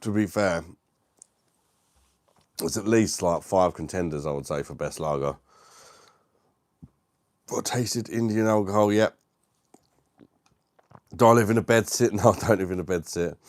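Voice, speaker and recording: A British man with a low, deep voice chats easily with his live-stream viewers from home. He is relaxed and quick to laugh. The sound is dry and close, with no room echo. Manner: laid-back, laughs often, says mate a lot. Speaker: livestream host. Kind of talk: casual live-stream chat reading viewer comments.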